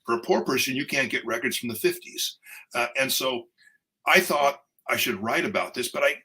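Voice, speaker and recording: An older man, a poet, telling a personal story in conversation, animated and full of fillers and restarts. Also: medium pitch, moderate pace, low-quality recording.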